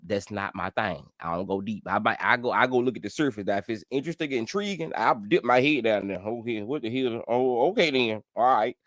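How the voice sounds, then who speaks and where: A middle-aged man from Memphis talks in a loose, rambling vlog style, cursing often and circling back over his own sentences. His voice sits low, and it is recorded close and dry with no room around it. Now and then he jumps up into high, animated exclamations. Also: no room sound. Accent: Memphis Southern. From Memphis, Tennessee. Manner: rambling, profane, with frequent self-interruptions and restarts. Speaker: YouTube commentary host. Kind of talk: casual vlog commentary.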